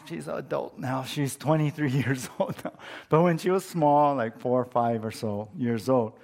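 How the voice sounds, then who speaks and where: A middle-aged man preaching a sermon as pastor, earnest and emphatic, repeating his key phrases for weight. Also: mid-range voice.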